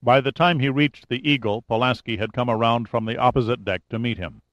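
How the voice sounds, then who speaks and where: A man narrating a thriller audiobook in a measured, even manner. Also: medium pitch, no echo. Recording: dull, dry studio recording.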